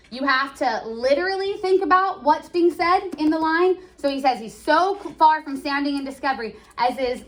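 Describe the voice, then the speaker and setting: A young woman teaching a class in an energetic, playful style. She explains as she goes and keeps the pace lively. Her voice sits a little high. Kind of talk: classroom lecture.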